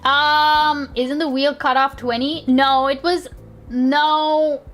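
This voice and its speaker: Young woman streaming, kinda high voice, rambly and giggly, swears casual, faint music behind. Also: flat delivery, takes it slowly, fairly bright tone. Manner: rambling, chatty, laughs often, swears casually. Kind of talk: casual live-stream chat.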